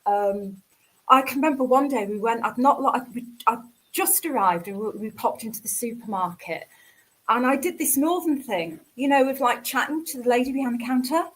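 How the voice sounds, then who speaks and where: A woman's voice: a little high, moderate pace. A woman in her fifties with a northern English accent, chatting as a radio guest and telling stories with easy laughter. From north of England. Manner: chatty storyteller who laughs easily. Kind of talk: casual radio chat.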